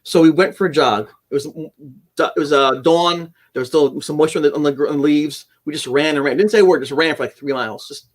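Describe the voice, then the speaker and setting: A middle-aged man telling a personal story as a podcast guest, animated and acting out dialogue, often restarting his sentences. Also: on the high side, a little fast. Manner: animated storyteller who acts out quoted dialogue, with frequent restarts.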